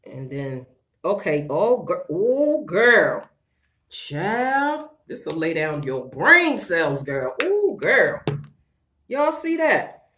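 A middle-aged woman chatting on a casual livestream, loud and playful, breaking into laughter and talking straight to her viewers while she does her hair at home. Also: fairly low pitch, extremely slow, slight background noise. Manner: slangy and animated, talks straight to viewers. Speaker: vlogger doing a livestream.

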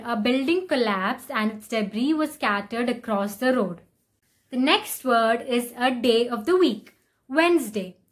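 Woman teaching pronunciation, slightly high voice. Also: fairly bright tone. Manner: slow, deliberate repetition of example words. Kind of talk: explaining and modeling word pronunciations.

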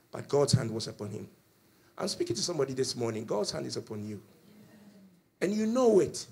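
A male pastor preaching a passionate sermon in church, swinging between loud and soft as he tells the story. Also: mid-range voice, animated, fairly quick, gravelly, breathy edge. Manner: impassioned storytelling with swings in volume.

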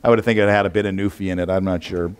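In church, a male pastor with a low voice races through a sermon with fairly even intonation. His delivery is casual and conversational, rambling with frequent fillers and restarts.

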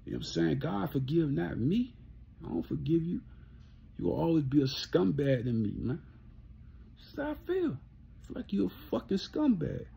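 A man's voice: a little high, very animated, normal speed, gravelly, slightly rough, dull audio. A man ranting casually to camera, blunt and profane, often repeating himself and laughing. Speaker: vlogger.

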